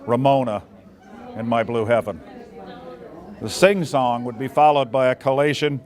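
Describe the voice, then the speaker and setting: A man reading a personal memoir aloud in a fond, reminiscing storytelling manner. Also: medium pitch. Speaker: memoir reader.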